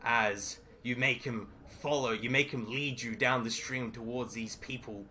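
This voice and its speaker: A man narrating dramatically as game master of a tabletop role-playing game, halting now and then with fillers. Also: medium pitch, fairly even intonation, pushed and bright, slight background noise.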